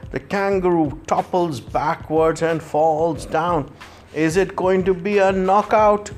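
A man's voice: sits high, steady tone, slow pace, slight background noise. A man telling a playful children's story in the manner of a boxing commentator.

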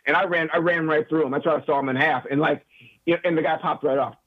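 A former football player phones in to a sports radio show. He talks fast and a little high, tripping over repeated words before rushing into a story. The muffled line dulls his voice. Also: steady tone.

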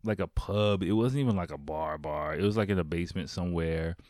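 A man's voice: low voice, a little fast, a little mellow, no room sound, clean studio sound. A man casually telling a funny story, laughing often, acting out quotes and swearing freely. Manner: swears a lot.

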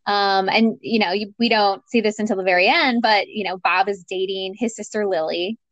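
A woman's voice: medium pitch, fairly even intonation, moderate pace, a bit bright, dry recording, muffled recording. A woman chatting casually about a movie, recapping the plot in a rambling, hesitant way. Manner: rambling recap with fillers and laughs.

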